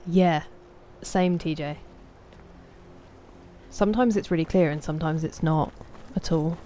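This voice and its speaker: A woman's voice: low voice, a little slow, mellow, a little hiss or hum. A woman in her thirties chatting casually while streaming a game, rambling off on tangents and laughing as she talks to her viewers. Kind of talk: casual chat while gaming.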